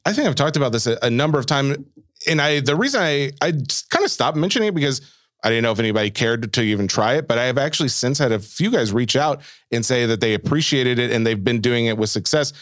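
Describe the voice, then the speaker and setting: A man co-hosting a podcast in casual chat, reading listener mail aloud and answering in a relaxed way. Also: mid-range voice, quick pace, dry recording, studio quality. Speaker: podcast co-host.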